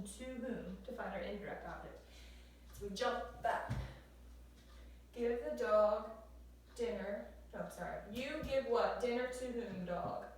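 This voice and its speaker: A woman teaching a grammar lesson, encouraging the class and repeating each question step by step. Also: a little high. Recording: echoey room, distant mic, faint hiss.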